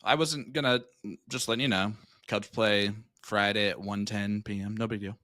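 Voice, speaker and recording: Bright-voiced joking man in his thirties. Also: fairly low pitch, fairly even intonation, moderate pace, no room sound, clean studio sound. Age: 30s. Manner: joking, teasing banter. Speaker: darts commentator. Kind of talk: casual live commentary.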